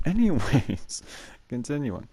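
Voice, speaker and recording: Warm, slightly rough and mid-range, this student's voice carries his show as he rambles through school stories on camera, peppered with fillers and little laughs. There's no echo, though his mic keeps cutting out.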